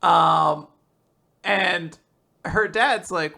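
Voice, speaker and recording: A woman hosting a podcast, casually recapping manga chapters and retelling the plot with quick acted-out quotes. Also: sits low, expressive, fairly bright tone. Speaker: podcast host.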